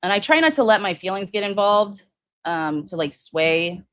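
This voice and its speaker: A woman's voice: mid-range voice, expressive, moderate pace, no echo. A woman hosting a casual true-crime livestream, rambling with many fillers and restarts while answering viewers' comments. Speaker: livestream host.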